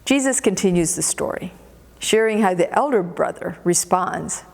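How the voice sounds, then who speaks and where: A woman's voice: lowish voice, animated, normal speed, vocal fry, darkish tone. A woman pastor preaching a sermon in a church, telling the story expressively and repeating words for emphasis. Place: church sanctuary. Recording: long church reverb.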